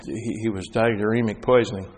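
Preaching man in a reverberant hall. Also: fast. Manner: animated preaching, rising and loud at high points, dropping soft for stories. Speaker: pastor. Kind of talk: sermon.

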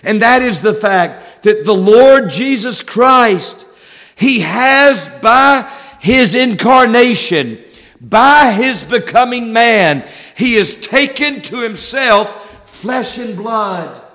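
A man preaching a sermon as pastor, measured, slowing down to stress key words. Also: very high-pitched, animated, pushed and bright. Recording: long hall reverb.

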